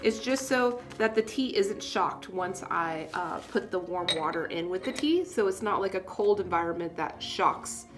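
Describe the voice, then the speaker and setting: A woman's voice: medium pitch, animated, normal speed, few pauses, background noise. Chatty woman hosting a tea livestream. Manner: chatty, self-deprecating, laughs at own jokes. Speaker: tea seller hosting a live stream. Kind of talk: casual livestream talk. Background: soft classical music.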